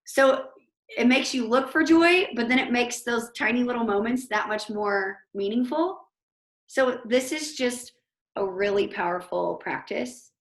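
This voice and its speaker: A woman teacher giving an informal motivational talk over a video call, chatty and animated, with lots of fillers. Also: on the high side, a little slow, echoey room. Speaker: host of an online motivation talk.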